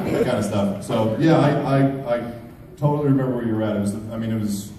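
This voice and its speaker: A man in his thirties, a guest at a fan panel, telling stories with excited bursts of quoted voices. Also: lowish voice, fast talker. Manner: lively storyteller, jumps into loud excited quoted voices. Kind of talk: animated anecdote at a fan panel. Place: large convention hall with audience. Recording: very echoey hall, far from mic, crowd noise.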